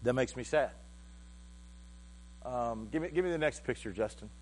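Halting, heartfelt male pastor preaching. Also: mid-range voice, lively intonation, a little hiss or hum. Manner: halting, repeats words, heartfelt storytelling. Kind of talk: sermon.

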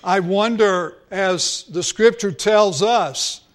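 Slow, high-voiced male preacher. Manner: earnest, drawn-out emphasis. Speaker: pastor. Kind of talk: sermon.

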